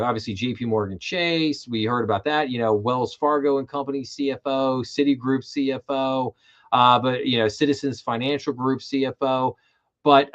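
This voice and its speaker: A man's voice: medium pitch, lo-fi sound. A man hosting a livestream, reading banking headlines aloud and adding casual commentary with frequent fillers. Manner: casual, reads headlines then riffs with fillers. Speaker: show host. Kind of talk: livestream financial news commentary.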